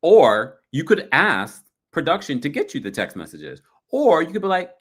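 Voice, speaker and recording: A man hosting a casual livestream recap, gossiping and reading viewer comments, often mimicking people in high voices. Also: wildly swooping pitch, moderate pace, husky. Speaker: recap show host.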